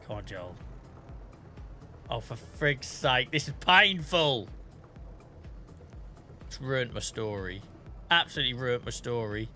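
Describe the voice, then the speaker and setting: Bright-voiced man chatting while gaming. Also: medium pitch, measured pace, pauses often, faint music behind. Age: 30s. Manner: chatty, swears and laughs a lot while storytelling. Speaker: streamer. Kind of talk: casual gameplay chat.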